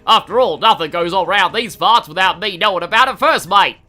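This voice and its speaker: A man's voice: high-pitched, lively intonation, a little fast, pushed and bright, faint music behind, heavily acted. A man voicing a brash young female raccoon adventurer in an exaggerated Australian accent, with over-the-top slangy exclamations.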